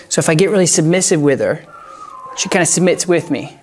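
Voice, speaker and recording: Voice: mid-range voice, animated, fairly quick, a little hiss or hum. Casting: a dog trainer, casual and emphatic, talks in repeated punchy phrases. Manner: talks to the dog in soft whispers between explanations. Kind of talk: casual instructional talk.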